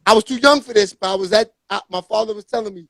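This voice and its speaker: A man hosting a casual chat, telling stories animatedly and shouting out guests. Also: high-pitched, fast, vocal fry, dry recording. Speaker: podcast host.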